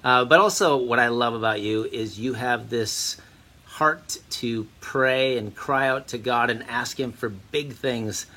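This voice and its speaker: A man of medium pitch speaking sincere, encouraging words to a friend. His delivery is plain and heartfelt. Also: unhurried, bright, forceful tone. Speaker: friend giving a birthday tribute. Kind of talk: heartfelt recorded message.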